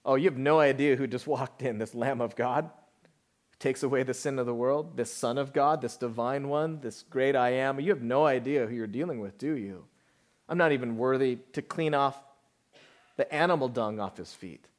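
A man voicing a humble, fervent ancient male prophet in an intense, self-lowering way. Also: moderate pace, close to an everyday voice.

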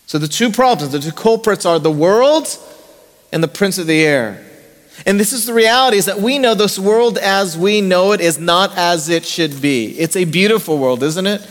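In a church sanctuary with long reverb, a high-pitched pastor preaches at a moderate pace. His sermon is conversational, frequently posing rhetorical questions to the congregation.

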